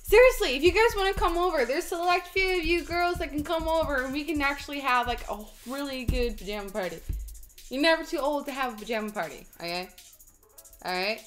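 A woman in her thirties chats to her live stream from her kitchen, bubbly and giggly and prone to rambling. Her voice is high and bright. Faint music plays behind her. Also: expressive, a little fast. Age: 30s. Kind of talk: casual live-stream chat.

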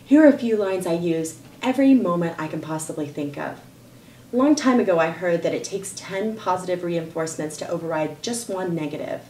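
A woman speaking as a parenting coach, giving earnest, measured advice on how to talk with children. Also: fairly low pitch, a little mellow. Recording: roomy echo, faint background noise.

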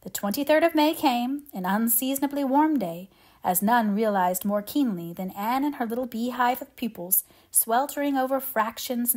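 A woman reading a classic novel aloud in an even, measured storytelling voice. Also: a little high. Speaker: audiobook reader.

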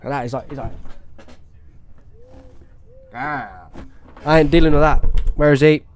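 A man's voice: on the high side, unhurried. Jumpy, swearing British man gaming. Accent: British English. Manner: jumpy, swearing, excitable reactions. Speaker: gaming YouTuber. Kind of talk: horror game let's play commentary.

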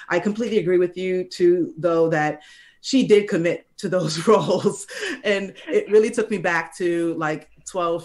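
Hesitant young panel guest. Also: medium pitch. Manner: hesitant, many ums and restarts. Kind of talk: casual panel discussion.

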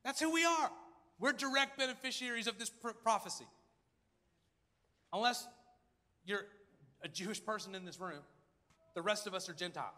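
High, bright-voiced preacher in a big hall. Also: male voice, moderate pace, long pauses. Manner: dramatic, acts out crowd voices, swings between loud and hushed. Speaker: pastor. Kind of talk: sermon. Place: large church hall.

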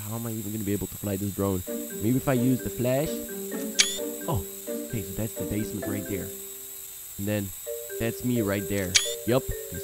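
A young man narrating a horror game he is playing, jumping between hushed muttering and startled yelling. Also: mid-range voice. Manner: jumpy, exclaiming, swings between hushed and yelling. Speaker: gaming channel host.

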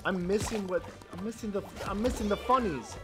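A male streamer giving casual gameplay commentary on a desk mic, excitable and swearing in bursts. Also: high voice, a little fast. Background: game music.

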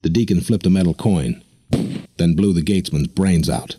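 A man narrating an audiobook in a steady, measured reading on a close microphone. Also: deep voice, slightly rough.

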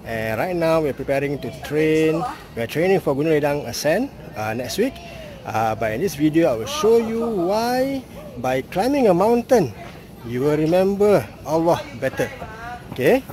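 An outdoor educator vlogger talks casually to the camera while climbing steps on a hillside trail, a bit out of breath. His slightly high voice swings widely in pitch at a normal speed, with crowd noise around him.

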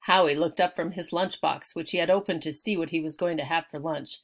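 A woman's voice: deep voice, steady tone, fairly quick. A woman reading a children's chapter book aloud, telling it expressively and lingering on key words. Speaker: audiobook reader.

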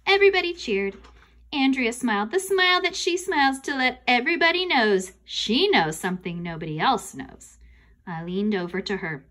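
A woman reading a storybook aloud at a close studio mic, lively and expressive. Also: fairly high pitch, normal speed. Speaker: audiobook narrator.

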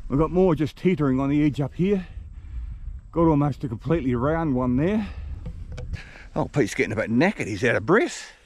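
Male travel vlogger, enthusiastic and animated, casual chat on foot outdoors. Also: fairly high pitch, moderate pace, pauses often, slight background noise. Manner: enthusiastic, chatty, talks to viewers. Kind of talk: casual walking vlog. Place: outdoors among rocks.

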